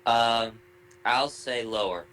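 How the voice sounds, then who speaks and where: A man's voice: mid-range voice, slow pace, pitched below the performer's own voice, natural voice. A man voicing a terse male game show contestant who answers in few words. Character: low-voiced, slow-talking male contestant. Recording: loud background noise.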